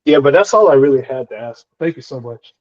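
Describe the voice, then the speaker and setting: A man asking questions hesitantly on a call, leaning on "like" a lot. His voice is mellow and dark, and the line sounds dull and lo-fi. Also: medium pitch, expressive, quick pace, dry recording. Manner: hesitant, fills with "like". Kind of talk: casual Q&A question.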